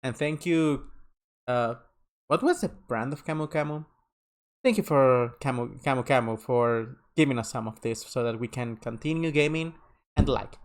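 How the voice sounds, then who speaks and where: A man's voice: medium pitch, moderate pace. A man chatting casually on a live game stream, rambling and tripping over his words. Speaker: streamer playing a story game. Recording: game music under the voice. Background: game music.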